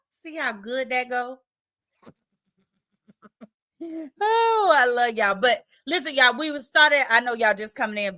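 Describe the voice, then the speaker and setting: Give me a playful woman livestream host, reading comments in a bright, lively voice. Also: fairly high pitch. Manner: chatty, reads viewer comments aloud, playful. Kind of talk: casual livestream chat.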